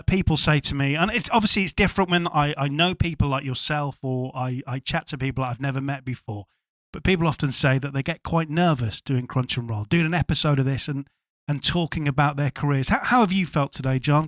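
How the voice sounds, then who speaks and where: A man hosts a casual podcast interview, friendly and eager, tripping over his restarts. His voice sits fairly high for a man. The mic sound is close and dry. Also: brisk, fairly bright tone, dry recording. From England (Hull). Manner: friendly, enthusiastic, stumbling restarts. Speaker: podcast host.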